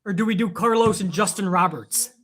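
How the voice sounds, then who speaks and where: A man hosts a live wrestling stream in a loose, rambling way, swearing freely as he reads out viewer donations. His voice sits high and has a bright, sharp edge to it. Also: a little fast. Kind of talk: casual live-stream chat.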